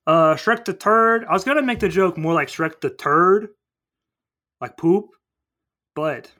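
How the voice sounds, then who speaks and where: A man's voice: sits high, lively intonation, unhurried, pauses often, pushed and bright. A man casually retelling a movie plot on a podcast, rambling and acting out the characters. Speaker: podcast co-host. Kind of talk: casual movie recap chat.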